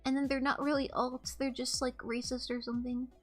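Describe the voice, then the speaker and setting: Young female streamer, high pitch, rambling and candid, casual chat, faint music bed. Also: little pitch movement, brisk. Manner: rambling, candid storytelling with swearing. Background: faint background music.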